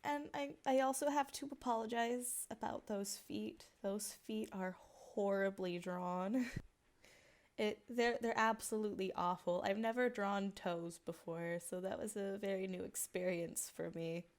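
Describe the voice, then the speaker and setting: A woman's voice: mid-range voice, steady tone, a little slow. A tired woman with a sick voice chatting casually and self-critically about her own drawing as a channel host.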